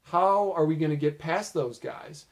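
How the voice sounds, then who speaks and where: A man quoting a simple-minded, cheerful young male cartoon dragon creature in a slow voice. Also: on the high side.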